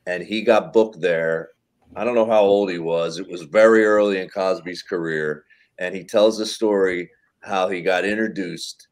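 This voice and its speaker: Low-voiced man telling a comedy story. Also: normal speed. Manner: animated anecdote telling with swearing and acted quotes. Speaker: comedian guest. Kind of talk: casual storytelling on a podcast.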